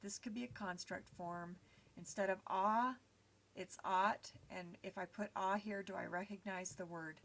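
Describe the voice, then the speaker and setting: A woman's voice: mid-range voice, fairly even intonation, normal speed, gravelly. A woman teaching a recorded lesson over slides, explaining patiently step by step with frequent small fillers.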